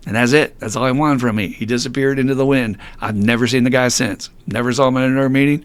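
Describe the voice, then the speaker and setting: A man's voice: medium pitch, fairly even intonation, fast, few pauses, smooth. A man hosting a recovery podcast who tells a candid personal story in a blunt, self-mocking way, swearing freely and laughing often. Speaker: podcast host.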